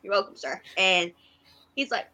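A woman from Kansas chats about a TV show and tells a story, laughing as she goes. Her voice is bright and forward, pitched at an ordinary height for a woman. She talks loosely, with a fan's easy chatter. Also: moderate pace, low-quality recording. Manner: giggly, storytelling. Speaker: podcast co-host. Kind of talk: casual chat.

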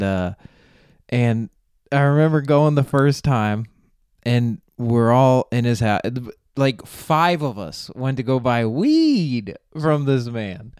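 Young man telling stories with a smooth voice. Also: mid-range voice, darkish tone, no room sound, studio quality. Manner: rambling storyteller, laughs at own jokes. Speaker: podcast host. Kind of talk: casual comedic monologue.

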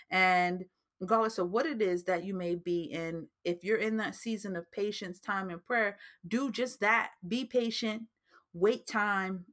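A New Jersey woman with a local accent hosts a casual faith-based advice podcast, chatting along, repeating herself and using frequent fillers. Her voice sits at a medium pitch with a slightly bright tone.

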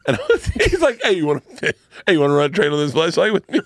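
A man's voice: high voice, wildly swooping pitch, moderate pace, no echo. A middle-aged man, a comedian guest, telling stories in casual podcast chat, acting out quotes and breaking into big laughs.

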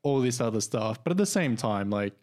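A young man co-hosting a casual podcast, wandering through his points with plenty of fillers and restarts. His voice sits at an ordinary middle pitch for a man, neither low nor high. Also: animated, fairly quick, a little mellow. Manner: rambling, many fillers and restarts. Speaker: podcast co-host. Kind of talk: casual chat.

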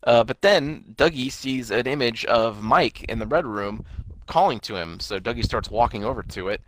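A man's voice: medium pitch, expressive, normal speed. A young man casually recapping a TV episode, laughing often and acting out the characters' lines. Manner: laughs often, acts out quotes in bursts.

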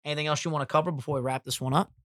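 A young man co-hosting a podcast, casual and profane, quick with jokes and bits. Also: a little high, fairly even intonation, a bit bright, no echo, clean studio sound. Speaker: podcast co-host.

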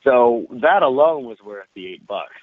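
A man telling an animated, profane anecdote in casual conversation, laughing often. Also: mid-range voice, normal speed, no echo. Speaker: guest. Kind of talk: casual storytelling. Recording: tinny phone-like line.

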